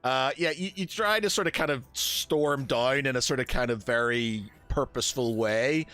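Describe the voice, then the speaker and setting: A man's voice: mid-range voice, moderate pace, sharp tone, soft background music. Man game master full of ums and laughs. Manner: hesitant, many fillers and restarts, often laughing. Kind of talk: narrating a tabletop game.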